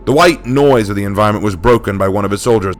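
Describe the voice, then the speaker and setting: A man telling a dark war story in a steady, dramatic scripted narration. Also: on the low side, fast, over music.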